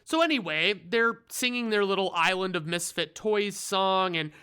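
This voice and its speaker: A man's voice: high-pitched, moderate pace, pushed and bright, clean tone. A man giving a comedic, sarcastic movie recap, rambling and swearing freely. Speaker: reviewer.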